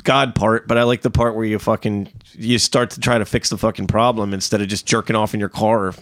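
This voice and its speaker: A man's voice: lowish voice, a little fast, no room sound. Profane man telling stories, dry mic. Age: middle-aged. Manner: profane, animated storytelling with restarts. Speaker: podcast co-host. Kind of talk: casual podcast chat.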